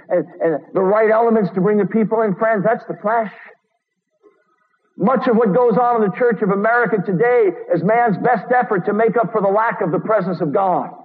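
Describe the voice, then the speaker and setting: A man preaching a sermon in an earnest, urgent way, reading quotes aloud and adding sarcastic asides. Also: sits high. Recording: tinny phone-like radio broadcast from a long-reverb hall.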